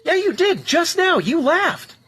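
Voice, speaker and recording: A man's voice: extremely high pitch, very animated, a little slow, fairly bright tone, dry recording, exaggerated voice. A man playing a touchy, swooping therapy patient. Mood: defensive. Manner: defensive, accusing. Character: touchy young man in therapy, quick to take offense. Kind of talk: comedy skit acting.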